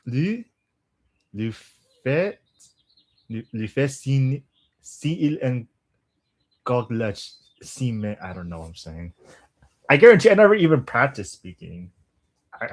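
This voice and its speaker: Young adult male streamer, mid-pitched, casual, laughs and trips over tongue twisters. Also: a little mellow. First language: English. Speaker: language-learning streamer. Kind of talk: casual live-stream chat.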